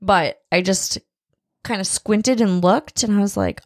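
A woman telling a story in casual chat, animated and blunt, laughing often. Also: medium pitch, unhurried, dry recording, clean studio sound.

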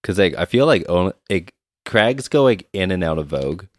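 A man co-hosting a podcast, talking in a relaxed, wry way with many fillers. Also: low voice, normal speed, no room sound. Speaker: podcast co-host. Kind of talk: casual chat.

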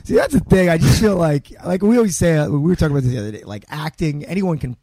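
Male co-host, slightly high, husky and mellow, relaxed chatter. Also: fast, no room sound. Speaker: podcast co-host. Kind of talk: casual chat.

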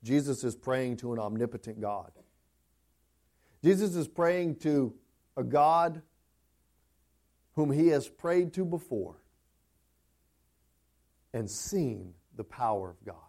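A male pastor preaching a sermon, swinging between hushed, tender passages and impassioned climbs. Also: mid-range voice, animated, slow pace, long pauses.

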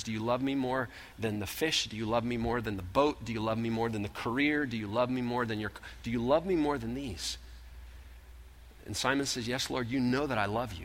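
A man preaching a sermon, retelling scripture in animated storytelling style and acting out the voices. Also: mid-range voice, brisk. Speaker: pastor. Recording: long hall reverb.

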